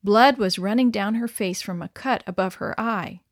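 A woman narrating a story in a clear, expressive read-aloud manner. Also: mid-range voice, moderate pace, no room sound, clean studio sound. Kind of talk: scripted narration.

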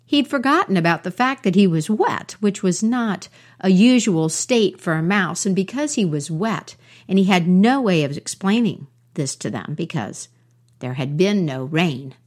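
A woman storyteller telling a folk tale in an unhurried, warm way. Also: fairly low pitch.

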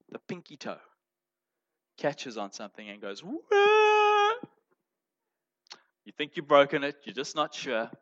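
Male pastor, sermon delivery, emphatic, forceful tone, lo-fi muffled recording. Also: fairly high pitch. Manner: emphatic, swinging between loud stresses and quiet asides. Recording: dull lo-fi sound.

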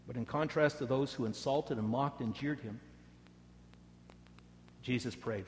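A male pastor delivering a sermon, his mid-range voice rising for the dramatic parts and falling quiet and low for prayer. The sound carries a long church reverb. A faint hum sits underneath. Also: measured pace, pauses often. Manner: dramatic storytelling, rising loud for quoted taunts, dropping soft for prayer.

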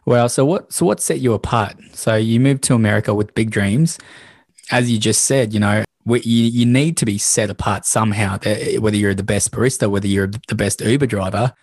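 A man hosts a faith podcast with a low, steady voice. He draws his guest out with encouraging summaries before each question. The recording is close and dry. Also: a little fast, dry recording. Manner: encouraging, sums up and leads with questions. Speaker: podcast host. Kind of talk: casual interview.

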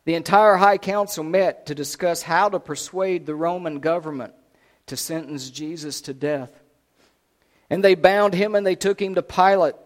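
A man preaching, retelling a scripture story dramatically, swinging between loud and hushed. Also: a little high, moderate pace.

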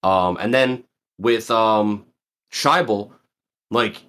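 Podcast co-host, male, low-pitched, reflective and unhurried, halting delivery. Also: fairly bright tone. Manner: thoughtful, searching for words, many fillers. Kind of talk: casual chat.

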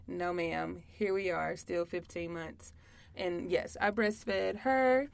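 A young woman co-hosting a casual podcast about motherhood, chatty and quick to laugh. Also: lowish voice, vocal fry. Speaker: podcast co-host. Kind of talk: casual chat.

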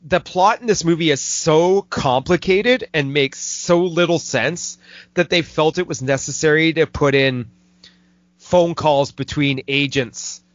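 A man hosting a podcast, talking casually and with some swearing as he retells a movie, slipping into quick mocking voices. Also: on the high side, no room sound. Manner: loose and profane, drops quick mocking impressions into his retelling. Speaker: podcast host reviewing a movie. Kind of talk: casual chat. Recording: dull, dry lo-fi podcast audio.

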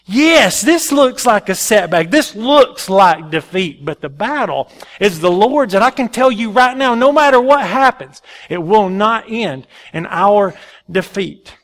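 High-voiced man preaching a lively sermon. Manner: animated, folksy storytelling with quick asides. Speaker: pastor.

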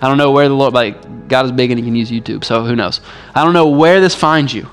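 A male pastor delivering a sermon in a relaxed, conversational way, often dropping in "like" as he speaks. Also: mid-range voice, brisk, soft background music. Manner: casual, conversational preaching with frequent "like".

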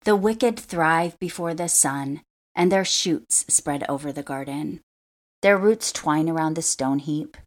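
A woman reading scripture aloud as the show's host, in a measured, earnest way. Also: sits low. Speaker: scripture reader.

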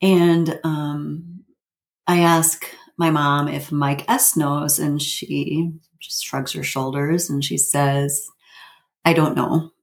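A woman in her fifties with a notably low voice tells a personal story. She speaks haltingly, with plenty of fillers and nervous little laughs. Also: flat delivery. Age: 50s. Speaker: guest telling her family story.

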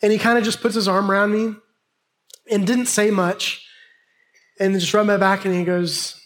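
A man preaching a sermon, telling a lively, humorous personal story to a congregation. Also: high-pitched, moderate pace, long pauses. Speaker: pastor.

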